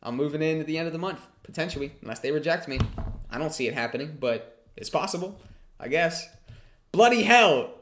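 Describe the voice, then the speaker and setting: A man runs a relaxed livestream, reading viewers' questions aloud and answering them in an easy, chatty way. He swears freely as he talks. His voice sits slightly higher than most men's. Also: quick pace, background noise. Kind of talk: casual livestream Q&A.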